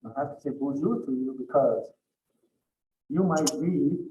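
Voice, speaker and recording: A man's voice: on the high side, measured pace, dark tone. A man giving a conversational teaching talk with storytelling, often repeating words and restarting his sentences. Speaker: cultural educator. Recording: roomy slightly dull recording, faint noise.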